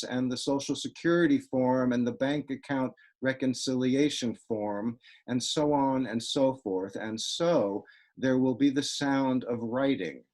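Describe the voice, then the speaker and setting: Slow, dry-witted male poet reading. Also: medium pitch, a little mellow. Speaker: poet reading his work. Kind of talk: poetry reading over video call. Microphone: video call.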